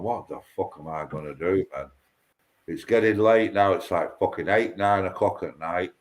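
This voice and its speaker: Foul-mouthed man. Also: on the low side. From Lancashire. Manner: loud, profane ranting and storytelling. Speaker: livestream panel regular. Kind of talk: casual chat.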